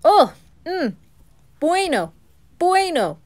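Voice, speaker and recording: A playful teen boy, whispered role-play, slow and chatty. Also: medium pitch, expressive, a little mellow.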